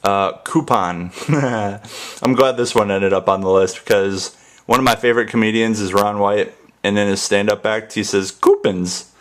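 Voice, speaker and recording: Young American man, very low voice, goofy casual rambler. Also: fairly even intonation, normal speed, a little hiss or hum. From United States. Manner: goofy, playful, repeats words in different ways. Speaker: ASMR channel host.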